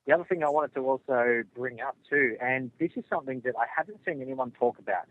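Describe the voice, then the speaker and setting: A man's voice: medium pitch, fast talker. An Australian man calling in to a talk show, chatty and blunt. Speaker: caller. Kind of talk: phone-in call. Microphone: phone. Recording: tinny phone line.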